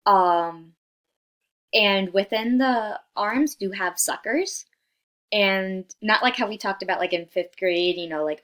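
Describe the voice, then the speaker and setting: Speaking slowly in a medium-pitched, somewhat bright voice, this student presenter, a young woman, gives a class slideshow. Her style is casual and chatty, full of fillers and repeated "right?", and she says sorry whenever hard scientific words trip her up.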